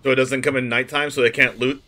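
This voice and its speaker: A man commentating his own card game live, thinking aloud through plays and breaking into excited outbursts. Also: mid-range voice, quick pace. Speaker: streamer playing a card game.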